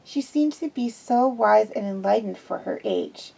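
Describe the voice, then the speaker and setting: A woman's voice: a little high, lively intonation, measured pace, creaky, dark tone, poor audio. A woman reading fan fiction aloud in an unpolished way, with restarts. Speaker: reader.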